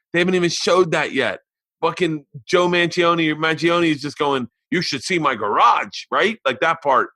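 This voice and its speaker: A man in his forties tells a loose, profane story on his podcast, rambling from one aside to the next with plenty of energy. His voice sits at an ordinary middle pitch, and the close studio mic keeps the sound dry and tight. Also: bright, forceful tone, no room sound. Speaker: podcast host. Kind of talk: casual storytelling monologue.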